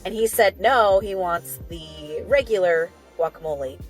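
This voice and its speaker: A woman's voice: lowish voice, measured pace, soft background music. A woman hosting a reaction video, recapping an episode in a chatty, rambling way with little asides and apologies. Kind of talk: casual recap and commentary.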